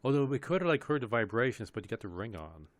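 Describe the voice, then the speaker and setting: A man playing a tabletop game, thinking through rules aloud with hesitant pauses. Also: medium pitch, very animated, no room sound. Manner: thoughtful, hesitant, rules-minded. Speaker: player. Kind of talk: casual tabletop game chat.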